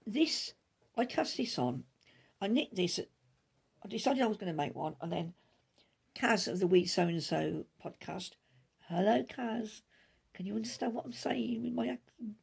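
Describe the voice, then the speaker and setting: Chatty middle-aged host, gravelly and a touch husky, rambles fast with asides. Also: female voice, lowish voice, darkish tone. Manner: rambling, chatty, talks quickly with many asides. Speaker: knitting podcast host. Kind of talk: casual chat.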